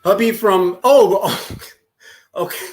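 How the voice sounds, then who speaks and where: A man's voice: sits high, slow pace. A man from Los Angeles chatting casually on a live stream, reading chat aloud with crude jokes and frequent laughter. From Los Angeles, California. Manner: crude, joking, often laughing.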